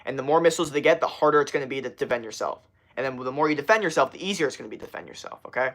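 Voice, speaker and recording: A man's voice: medium pitch, animated, very fast, a bit bright. A young man hosting a livestream, chatting casually in a rambling, profane way with many restarts. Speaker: livestream host.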